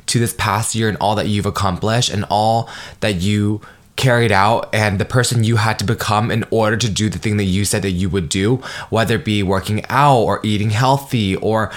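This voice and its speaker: A man in his twenties hosting a solo podcast, talking in an emotional, effusive way, swearing freely and jumping up in pitch when excited. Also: normal speed. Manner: animated, jumps higher when excited. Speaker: podcast host. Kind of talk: solo motivational podcast monologue.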